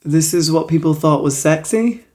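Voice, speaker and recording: A young woman with a notably low voice talks straight to camera in a casual vlog, picking apart a movie. She is sarcastic and mocking, tossing in swear words and plenty of "like.". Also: normal speed, a little mellow. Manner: snarky, mocking, peppered with swearing and "like". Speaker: movie reviewer.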